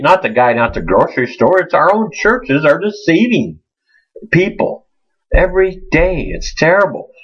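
A man preaching an informal sermon, earnest and halting, often repeating his words. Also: a little high, fairly bright tone, slightly rough. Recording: muffled lo-fi recording.

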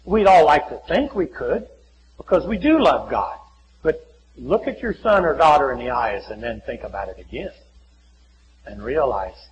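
A man preaching a folksy sermon in a church, often acting out little conversations and dropping to a hushed voice. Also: mid-range voice, very animated, moderate pace, muffled recording, slight background noise. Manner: folksy, acts out little dialogues, many drops to a hushed voice. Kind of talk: sermon with altar call.

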